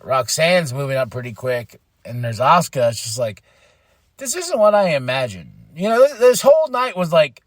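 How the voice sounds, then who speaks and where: Guy doing a podcast recap, voice bouncing all over, kinda high, dry close mic, gets fed up and acts stuff out. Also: moderate pace, dry recording. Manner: animated, exasperated, mimics people with his voice jumping up high. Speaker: podcast host. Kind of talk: casual wrestling show recap.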